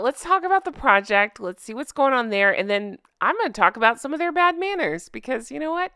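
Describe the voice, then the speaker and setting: A woman vlogger speaks straight into a close mic, giving casual, sarcastic commentary in a smooth, clear, mid-range voice she calls a drunk-goose voice. The recording is dry with no room sound, and she stays animated, laughing often.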